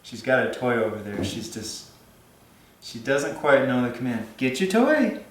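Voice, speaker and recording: A man's voice: mid-range voice, normal speed, a little hiss or hum. Casual man giving puppy advice, echoey room. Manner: rambling, many fillers and restarts. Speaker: dog trainer.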